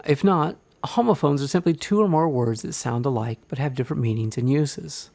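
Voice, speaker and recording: Male narrator for a grammar lesson, gravelly, dry close sound, deliberate delivery. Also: medium pitch, a little mellow, dry recording. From Indiana. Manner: clear, deliberate, explains with examples. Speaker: writing instructor.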